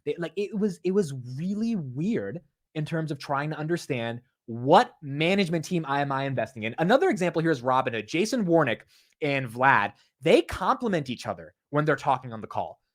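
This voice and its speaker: A young man giving casual, blunt market commentary in an animated way, with frequent fillers and restarts. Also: fairly high pitch, fairly quick. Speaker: investing commentator.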